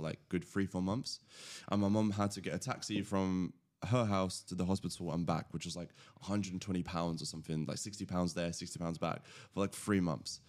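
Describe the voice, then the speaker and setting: A British man in his thirties, a podcast guest telling his origin story in a rambling, self-correcting, animated way. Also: low voice. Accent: British English. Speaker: podcast guest, agency founder. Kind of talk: casual storytelling interview.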